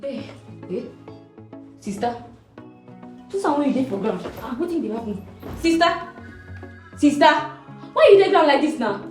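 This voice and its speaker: An actress playing a frightened young sister, alarmed and calling out, with a Nigerian accent. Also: female voice, high voice, very animated, normal speed, pauses often, a little mellow. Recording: echoey room with music.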